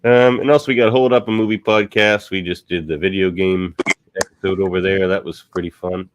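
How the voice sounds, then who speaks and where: A man's voice: sits low, a little fast. A man hosting a podcast, chatting casually over a video call and plugging other shows. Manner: relaxed, plugs network shows. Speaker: podcast host.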